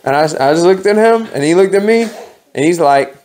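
Guy preaching his testimony at a house fellowship, kinda high voice, slangy and lively, acts out everybody's lines. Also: moderate pace, a little hiss or hum. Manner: animated, slangy storytelling, acting out dialogue. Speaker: lay preacher. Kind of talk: testimony sermon. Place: home fellowship gathering.

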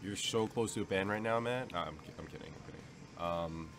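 Low-voiced man joking on commentary. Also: fairly quick. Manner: joking, swears freely, talks while eating. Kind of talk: casual game commentary.

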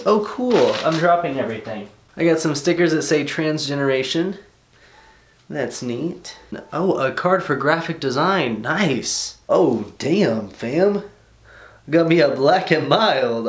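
A young man vlogging as he opens fan mail at home, excitable, swearing casually and laughing often. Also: mid-range voice, reverberant. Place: bedroom at home.

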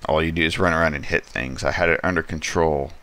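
A man reading out the lines of a grieving, angry young comic heroine in his own very deep, smooth voice. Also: fairly even intonation, quick pace, fairly bright tone. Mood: bitter grief.

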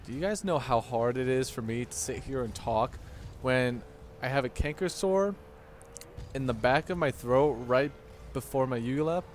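A young man hosting his gaming channel, giving excitable, mock-instructional commentary over gameplay with frequent swearing and outbursts. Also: mid-range voice, moderate pace, a little hiss or hum.

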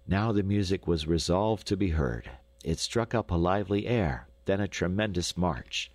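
A man narrating a classic children's story for an audiobook in a lively, expressive way. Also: low-pitched, measured pace, no room sound. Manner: lively, expressive, rising with excitement. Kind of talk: scripted narration. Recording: dry studio recording.

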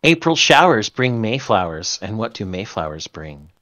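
A man co-hosting a casual gaming podcast, making dry jokes and quick asides. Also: fairly low pitch, big pitch swings, sharp tone, lo-fi sound. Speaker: podcast co-host. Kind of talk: casual chat.

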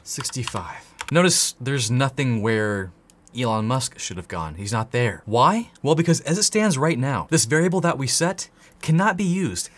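Playful man teaching with lively pitch. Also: moderate pace, a little hiss or hum. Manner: playful, jokey, talks straight to the viewer. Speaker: tech course host. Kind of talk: energetic screen-share tutorial.

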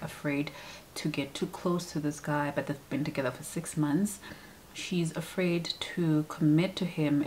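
A woman's voice: deep voice, a little hiss or hum, poor audio. A young adult woman chatting casually as a vlogger, retelling a book's story with many fillers and acted-out lines. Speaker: book vlogger. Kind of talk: casual chat.

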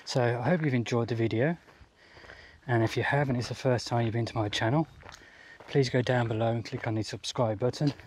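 A man's voice: medium pitch, fairly quick, slight background noise. Easygoing man showing outdoor gear. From Australia. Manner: easygoing, explains step by step with small restarts. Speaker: outdoor gear channel host. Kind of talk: casual gear demonstration vlog.

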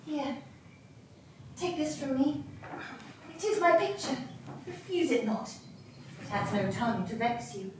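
A woman's voice: high-pitched, animated, unhurried, long pauses, a little hiss or hum. Olivia, a lovesick noblewoman. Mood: pleading. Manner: earnest, pleading verse delivery. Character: proud, lovesick young noblewoman. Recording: echoey barn, voice from far off.

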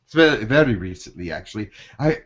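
A man channeling a gentle, reassuring human telepath from the space colonies, speaking slowly and hesitantly with many restarts, in a webinar session. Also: on the low side, very animated, slightly rough, heavily acted. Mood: calm. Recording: dull lo-fi webinar audio.

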